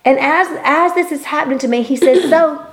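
This woman's voice is high-pitched and a little fast. Teaching her faith in conversation, she preaches with fervor and emphasis, echoing her own words as she builds to peaks.

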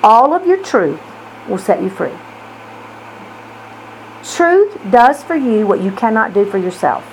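Woman, sermon, emphatic preaching, rhetorical questions, slightly high voice, faint background noise. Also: big pitch swings, unhurried, long pauses, poor audio. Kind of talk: sermon teaching.

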